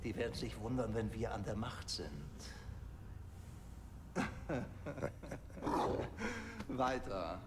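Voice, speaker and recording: An actor voicing curt German checkpoint guards in a video game, heard as game audio. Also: male voice, fairly low pitch, slow pace, long pauses, background noise. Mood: officious. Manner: curt, officious commands.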